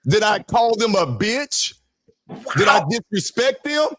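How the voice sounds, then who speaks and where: A man's voice: high-pitched, sing-song, unhurried, a bit bright, no room sound. A man hosting a podcast panel, talking emphatically and firing off rhetorical questions. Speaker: podcast host. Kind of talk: casual panel talk.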